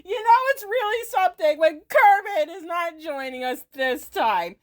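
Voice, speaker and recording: A woman hosting a reaction video, talking in an animated way with a lot of laughing and exclaiming. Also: extremely high pitch, normal speed. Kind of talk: excited reaction commentary.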